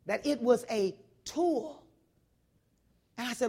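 A woman preaching a sermon, telling a story loudly, then dropping to a hush and rising again. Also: on the high side, lively intonation, moderate pace, breathy edge. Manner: loud, swings between hushed and shouting.

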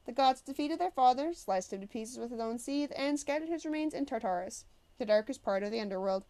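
A woman's voice: fairly high pitch, lively intonation, fairly quick, mellow. A woman reading a novel aloud and voicing a stern, demanding older male teacher who speaks in a formal, exacting way.

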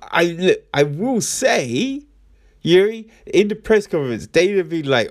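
A man's voice: sits high, very animated, unhurried. A young man recapping a fight card in a loose, slangy monologue, often repeating himself and asking "you know what I mean?". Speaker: MMA commentator.

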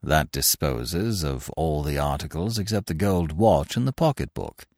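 A man voicing a brisk, mock-cheerful police desk sergeant reading out charges. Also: rumbling low, animated, a little mellow, no room sound, studio quality, pitched below the performer's own voice, heavily acted.

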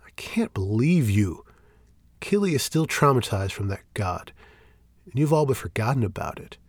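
A man's voice: medium pitch, animated, moderate pace, fairly bright tone, slightly rough, no room sound, voice pushed up, heavily acted. A man voicing an agitated, defiant male priest who argues heatedly and slips into raised whispers. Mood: heated defiance.

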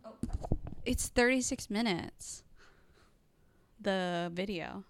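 Woman, reaction host, amused, laughs often, slow pace, dry. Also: mid-range voice, no echo. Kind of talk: casual reaction commentary.

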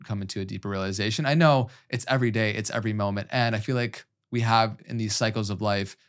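A man's voice: fairly low pitch, fast talker. A man hosting a podcast, asking long, rambling questions in a casual way. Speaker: podcast host.

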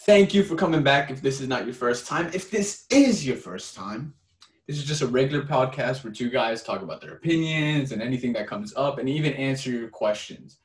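A young man co-hosting a casual podcast, animated and quick to laugh, often stumbling over his words. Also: medium pitch, recorded from a distance. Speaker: podcast co-host. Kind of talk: casual chat. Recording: echoey room.

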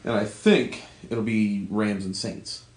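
A man's voice: fairly low pitch, fairly even intonation, slow, a little mellow, echoey room, low-quality recording. A man co-hosting a podcast, chatting casually about sports, joking, opinionated and swearing freely. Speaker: podcast co-host.

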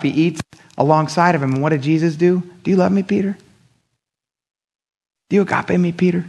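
A man's voice: on the high side, a little mellow. A man preaching a Sunday sermon in a casual, slangy way, often acting out what people in the story said. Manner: casual, slangy preaching that acts out quoted speech. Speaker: pastor.

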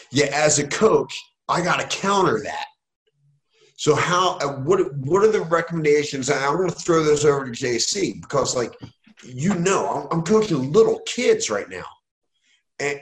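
Animated male coach in an echoey room. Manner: animated, jumps in pitch when telling a story. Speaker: youth football coach. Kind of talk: casual conversation, anecdotal storytelling.

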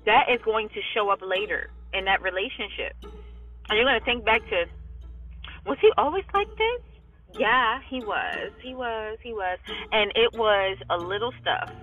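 A woman talking bluntly and profanely in a casual vlog monologue from her parked car, telling animated stories. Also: medium pitch, phone-quality sound. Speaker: vlogger.

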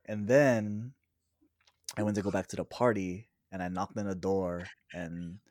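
A man's voice: low-pitched, steady tone, slow pace, darkish tone. A man casually telling a rambling story to a friend, often laughing as he talks. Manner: laughs through his own stories; loose, rambling with restarts.

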